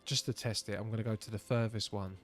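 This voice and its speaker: A man's voice: lowish voice, steady tone, fast, soft background music. An English man streaming a game, thinking aloud in casual, self-mocking commentary.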